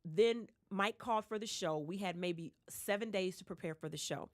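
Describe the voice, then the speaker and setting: Animated Detroit woman telling stories. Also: moderate pace, dry recording. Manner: animated storyteller, acts out quoted voices with big pitch jumps. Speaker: guest singer. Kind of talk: casual interview storytelling. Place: radio studio. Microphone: studio microphone.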